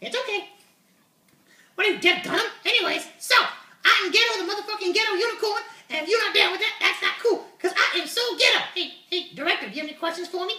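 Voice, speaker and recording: Very high bright voice, swaggering cussing unicorn puppet, lively, echoey room. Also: male voice, fast, heavily acted. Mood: brash. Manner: swaggering, swears constantly. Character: brash foul-mouthed male unicorn puppet.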